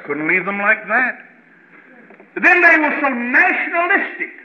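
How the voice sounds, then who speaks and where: A man with a Southern American accent, preaching a sermon in a folksy way that swings between loud passages and quiet asides. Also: very high-pitched, big pitch swings, a little slow. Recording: lo-fi roomy archival church recording.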